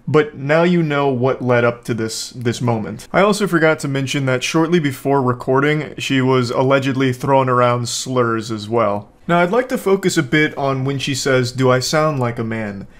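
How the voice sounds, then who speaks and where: Sarcastic man doing reaction commentary. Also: medium pitch. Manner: sarcastic, deadpan jokes. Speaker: commentary host. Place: home.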